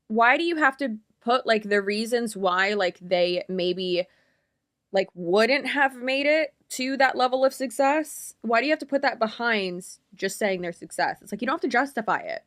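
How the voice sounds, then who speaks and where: A woman's voice: on the high side, expressive, moderate pace, fairly bright tone. A woman YouTuber giving blunt, opinionated reaction commentary, rambling with lots of fillers.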